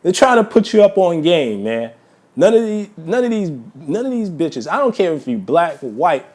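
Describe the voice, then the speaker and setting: A vlogger rants heatedly to his viewers in a monologue, repeating himself, calling them brothers, and tacking "man" onto most sentences. His voice is high-pitched and a little mellow, with big pitch swings at a normal speed.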